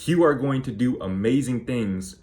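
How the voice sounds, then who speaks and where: A man giving direct-to-camera advice on public speaking, with a measured, deliberate delivery that slows right down on key words. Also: medium pitch, dark tone. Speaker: speaking coach YouTuber.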